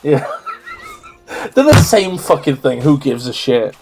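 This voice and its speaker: A man's voice: mid-range voice, sing-song, slow pace, darkish tone, soft background music. A man co-hosting a casual gameplay stream, rambling and opinionated, often correcting himself mid-sentence. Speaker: streamer co-host.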